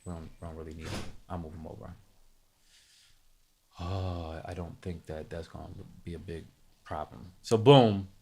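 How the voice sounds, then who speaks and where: A man's voice: deep voice, steady tone, moderate pace, pauses often, darkish tone, slight background noise. A man hosting a live music production tutorial, talking casually to his chat, thinking aloud and correcting himself as he goes.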